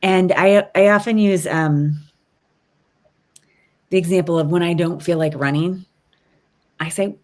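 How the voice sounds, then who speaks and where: A woman's voice: on the low side, steady tone, unhurried, long pauses, a little mellow. A woman guest on a podcast who explains ideas in a thoughtful, coaching way, with frequent ums and rhetorical "right?"s. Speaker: guest, resilience expert. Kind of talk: casual interview conversation.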